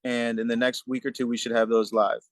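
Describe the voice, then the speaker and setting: A man's voice: medium pitch, flat delivery, fairly quick, no echo. A man answering questions on a video call in an easygoing, polite manner. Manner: easygoing, polite, says "yes, ma'am".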